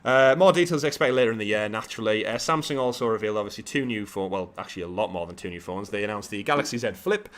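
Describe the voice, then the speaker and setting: A man's voice: lowish voice, expressive, fast talker, hardly any pauses, fairly bright tone. A man hosting a live gaming podcast, reading news items in a chatty, joking way with many ums and uhs. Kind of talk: casual live podcast chat.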